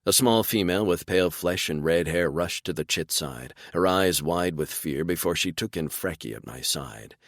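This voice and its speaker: A man narrating a fantasy romance audiobook in first person, with expressive storytelling. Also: low voice, normal speed, few pauses, dry recording, clean studio sound. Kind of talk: scripted narration.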